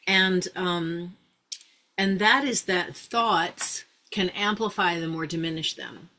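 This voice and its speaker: Chatty low-voiced woman teacher. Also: slight background noise. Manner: chatty, thinks aloud with many fillers and restarts; drops into a slow soft hypnotic voice for guidance. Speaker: mindfulness teacher. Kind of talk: casual talk to a practice group.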